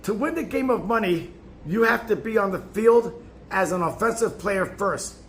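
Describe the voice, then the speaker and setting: A man's voice: high voice, expressive, moderate pace, slight background noise. A man reading a self-help booklet aloud in an emphatic tone, now and then stumbling and restarting a phrase. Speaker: narrator.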